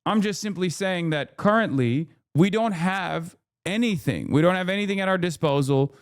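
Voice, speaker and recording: This male live-stream host has a high, expressive voice and speaks at a normal speed. He vents about politics with plenty of profanity, exasperated sarcasm, and mock impressions.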